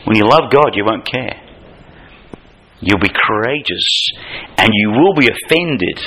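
A man preaching a sermon in an impassioned, emphatic way, with lively asides. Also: lowish voice, unhurried, slightly rough, poor audio.

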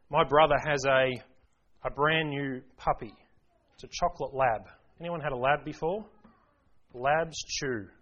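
Earnest preacher, higher-pitched man. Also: a bit bright, muffled recording. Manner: earnest, emphatic, rhetorical questions to the congregation. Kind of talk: sermon.

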